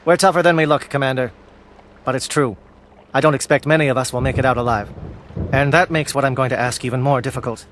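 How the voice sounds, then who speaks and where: Man playing a disciplined alien captain, formal clipped speech, mid-pitched voice, faint hum behind, video game dialogue. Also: steady tone, fast talker, a bit bright, lightly acted. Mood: resolute. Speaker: commander briefing troops.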